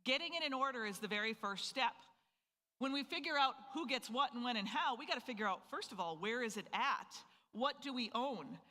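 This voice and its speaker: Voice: medium pitch, expressive, brisk, pushed and bright, big-room sound. A financial planning presenter from North Dakota giving a live seminar and firing rhetorical questions at the audience. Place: event hall with a live audience.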